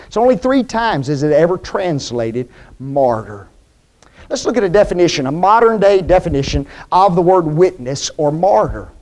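A man with a high voice delivers a sermon as a preacher. He leans into key words and keeps asking his listeners rhetorical questions. His tone swings between raised emphasis and quiet, low endings.

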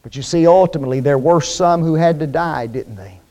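A man with a high voice delivers a sermon as a preacher. He leans into key words and keeps asking his listeners rhetorical questions. His tone swings between raised emphasis and quiet, low endings. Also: a little fast.

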